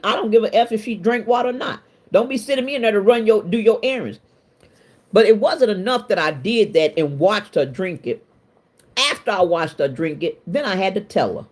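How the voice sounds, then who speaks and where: Middle-aged woman, stream host, lively storyteller with a wide-ranging pitch and a colloquial, self-mocking delivery. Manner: animated, laughs often, colloquial and self-mocking. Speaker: livestream host. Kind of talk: casual storytelling to a live chat.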